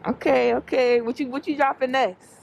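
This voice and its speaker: A woman's voice: high-pitched, fairly even intonation, moderate pace, a little mellow, dull audio. A young woman in her twenties chatting casually to viewers in a vlog while running errands, filming on a handheld camera. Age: 20s. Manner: chatty, addresses viewers as y'all. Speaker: vlogger. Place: out running errands, car and stores. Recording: camera audio with clear background noise.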